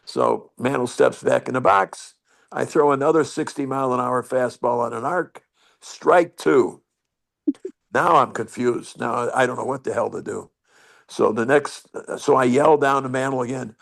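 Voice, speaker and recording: A man's voice: medium pitch, moderate pace, gravelly, a bit bright. An older man telling rambling, salty stories as a guest on a video call. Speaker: guest storyteller. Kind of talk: anecdote over video call.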